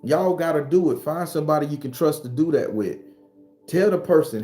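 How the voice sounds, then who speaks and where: A man's voice: fairly high pitch, animated, a little fast, dark tone, faint music behind. A man hosting a casual live stream, talking bluntly and profanely and greeting viewers by name. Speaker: host.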